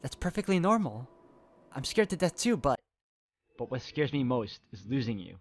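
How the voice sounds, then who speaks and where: A man's voice: medium pitch, big pitch swings, normal speed. A man voicing a desperate young woman, pleading with her lover in a frantic, raised voice as he reads game dialogue aloud.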